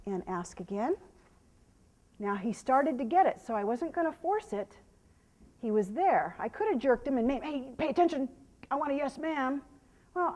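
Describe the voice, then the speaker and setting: A woman horse trainer giving a live demonstration, explaining to viewers and softly praising the horse, sometimes dropping to a hush. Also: on the high side. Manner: drops to a hushed whisper when calming the horse.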